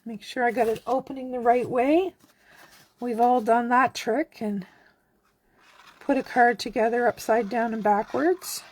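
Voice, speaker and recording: A woman from Canada giving a relaxed, chatty card-making tutorial, talking as she works. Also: fairly high pitch, a little slow, a little hiss or hum. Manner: chatty, relaxed, talks while working. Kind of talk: casual craft tutorial.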